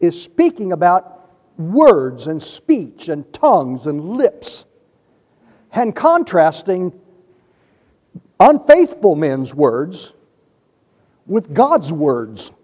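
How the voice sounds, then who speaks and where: A man preaching a sermon, reading scripture in a measured way and stressing key words. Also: a little high, huge pitch swings, darkish tone, slightly rough. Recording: dull lo-fi with long reverb.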